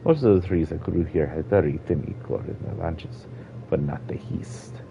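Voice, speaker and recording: A man voices a sad old Argonian woman elder, putting on a Jamaican-style accent and speaking slowly and quietly in a solemn mood. His voice is low with vocal fry, and the dull lo-fi stream audio carries a little hiss or hum.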